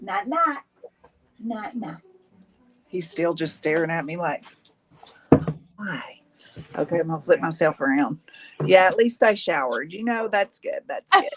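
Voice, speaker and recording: A middle-aged woman hosting a craft live stream, chatting casually and swooping into high cooing baby talk. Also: lively intonation, moderate pace, long pauses, low-quality recording.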